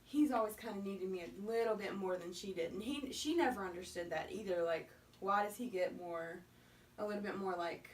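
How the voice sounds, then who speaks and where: Chatty mom on a distant mic. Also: female voice, mid-range voice, fairly quick. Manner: chatty, lots of "like", acts out quotes. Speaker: podcast co-host, mother. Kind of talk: casual chat. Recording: distant mic with faint noise.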